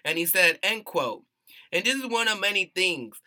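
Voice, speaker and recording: Bright-voiced man ranting on a podcast. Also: high-pitched, expressive, moderate pace, no room sound. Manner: profane, heated and emphatic. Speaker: podcast co-host. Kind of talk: casual podcast rant.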